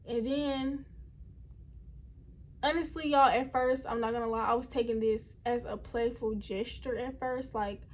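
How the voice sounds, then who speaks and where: A woman's voice: fairly high pitch, steady tone, a little slow. A young woman telling a personal story at home in a casual, rambling way, often talking straight to her viewers. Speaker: vlogger. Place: indoors at home.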